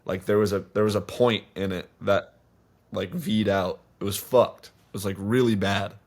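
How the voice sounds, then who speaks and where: A man's voice: fairly low pitch, fairly even intonation, moderate pace. Young man, swearing, rambling story. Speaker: guest. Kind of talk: casual podcast interview. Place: podcast studio.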